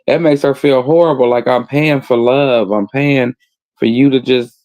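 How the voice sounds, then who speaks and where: A man chatting casually on a livestream, making wry, sarcastic jokes in a drawn-out delivery. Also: medium pitch, steady tone, a little mellow, dry recording, poor audio. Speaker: stream co-host. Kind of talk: casual gossip chat.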